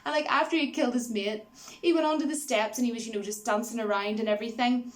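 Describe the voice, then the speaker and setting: A woman's voice: on the high side, steady tone, fast talker. A woman giving a casual spoken movie review, rambling with many fillers and laughing easily as she retells scenes.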